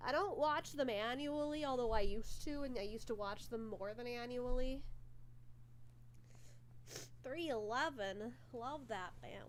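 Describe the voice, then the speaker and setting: A woman's voice: fairly high pitch, a little slow, slight background noise. A sick, congested woman chatting casually on a livestream, giggly and joking crudely. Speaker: streamer hosting a movie watchalong.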